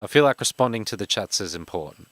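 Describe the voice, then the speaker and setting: A man in his twenties from Australia with a broad Western Sydney accent, a game streamer who talks fast and rambles with many fillers in casual chat. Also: on the low side, lively intonation, a bit bright, no room sound. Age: 20s.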